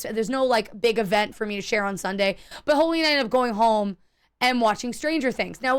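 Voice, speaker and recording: A woman streamer chatting casually while gaming, telling stories in a profane, animated way and acting out the people in them. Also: high voice, smooth. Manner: acts out quoted people in her stories.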